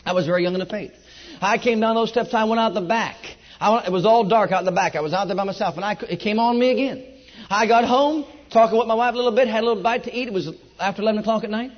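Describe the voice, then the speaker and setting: A middle-aged man preaching a sermon, telling his own testimony with passion, moving between loud, high outbursts and low, hushed stretches. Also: fast talker. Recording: dull echoey hall recording.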